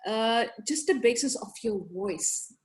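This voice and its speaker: A young adult woman, a podcast guest, telling stories in a casual, animated way and laughing often. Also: fairly high pitch, a little slow. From grew up in several countries. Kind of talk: casual storytelling chat.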